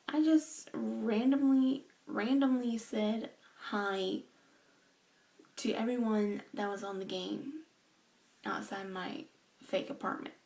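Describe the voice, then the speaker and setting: A young woman talking earnestly to her camera in a vlog, slow and emotional, halting with sighs and restarts. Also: on the high side, gravelly, a little mellow, rough recording. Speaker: vlogger.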